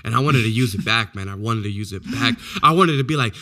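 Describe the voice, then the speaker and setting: A man with a bright, forceful voice chats loosely on a podcast. He tells his stories with animation and curses freely. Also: lowish voice, fast talker. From Orange County, California. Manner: animated storytelling, swears freely. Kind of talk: casual chat.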